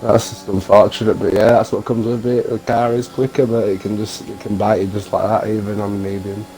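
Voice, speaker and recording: Low-voiced, mellow male co-commentator who chips in with quick reactions. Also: flat delivery, a little hiss or hum, poor audio. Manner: reactive, short exclamations. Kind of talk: sim racing commentary.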